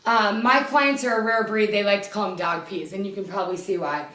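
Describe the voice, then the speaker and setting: A woman leading a home workout, with a loud voice, out of breath as she exercises and counts reps in a chatty way. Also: mid-range voice, brisk. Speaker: fitness instructor. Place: small indoor room. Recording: echoey room from a distance.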